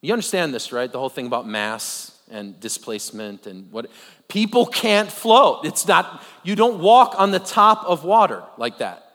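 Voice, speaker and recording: Pastor, male, somewhat high-voiced; casual sermon full of asides and questions; reverberant hall recording. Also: normal speed. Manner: animated, with joking asides and rhetorical questions. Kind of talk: conversational sermon. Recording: long reverb of a large hall.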